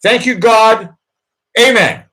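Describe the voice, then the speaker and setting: A man with a Boston accent, hosting a live chat and coaching a nervous guest with repeated mantras. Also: slow. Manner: emphatic, repetitive coaching, swings loud and high on mantras. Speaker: host and producer. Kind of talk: live chat pep talk.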